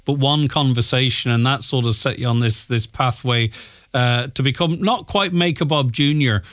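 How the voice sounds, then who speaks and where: A man's voice: mid-range voice, moderate pace, a bit bright, no echo. A man hosting a casual radio interview, chatty and prompting his guest with his own thoughts. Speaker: radio host.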